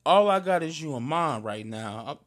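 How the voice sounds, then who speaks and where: St dude riffing with his cousin, loud and animated, slightly high voice. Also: moderate pace. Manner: loud, animated storyteller, slangy and emphatic. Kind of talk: casual chat between cousins.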